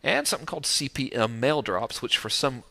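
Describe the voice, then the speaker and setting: A man talking straight to the camera about marketing, joking and breezy, with a lively pitch that swings a lot. His tone is bright and forward. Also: a little fast, vocal fry. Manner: joking, breezy and animated, with playful sound effects. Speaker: online marketing teacher. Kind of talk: casual direct-to-camera marketing talk. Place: outdoors overlooking the ocean.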